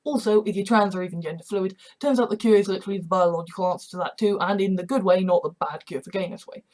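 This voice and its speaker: A woman's voice: mid-range voice, fast talker, darkish tone, close to an everyday voice. Awkward, rambling male eldritch being, read by a woman, apologetic.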